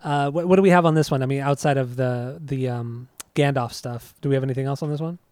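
Fast-talking man steering a podcast. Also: medium pitch, a little mellow, clean tone, no echo, clean studio sound. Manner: easygoing, steering the talk. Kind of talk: casual chat.

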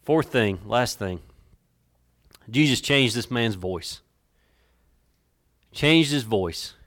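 A preacher in a church delivering a dramatic sermon, swinging between soft and loud, stretching words for emphasis and restarting phrases as he builds. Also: medium pitch, expressive. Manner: dramatic, varying loudness, drawn-out emphasis; repeats words and restarts while building a point. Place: church sanctuary. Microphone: worn mic.

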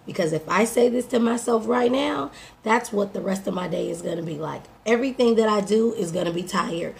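A woman life coach giving an upbeat, direct motivational morning talk to her listeners, her voice a little hoarse. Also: medium pitch, brisk, darkish tone, slight background noise. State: slightly hoarse. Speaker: life coach and podcast host.

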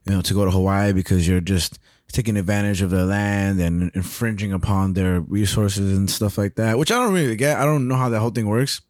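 A man's voice: on the low side, a little fast, darkish tone, no room sound, clean studio sound. A young man co-hosting a podcast in casual chat, laid-back and rambling, laughing often. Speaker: podcast co-host.

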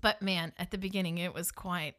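A woman with a Northern US accent tells her story to the camera in a loose, chatty way. Her voice is bright and forward, and she keeps dropping in "like" and "you know.". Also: on the low side, steady tone, fairly quick. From northern United States. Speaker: funeral director telling her story.

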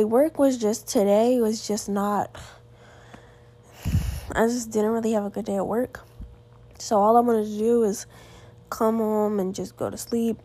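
Her mid-range voice is mellow as this teenage podcast host talks casually by herself at home. She sounds tired, rambling about her weekend with lots of "like" and restarted sentences.

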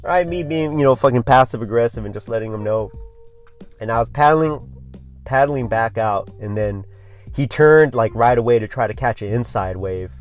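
Profane, rambling surfer-bro podcast host. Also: male voice, mid-range voice, normal speed, no echo, faint music behind. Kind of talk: casual solo podcast monologue.

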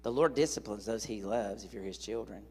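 Man, preacher, husky voice, animated and joking, long echo of a big church hall. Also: on the low side, fairly quick. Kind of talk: sermon.

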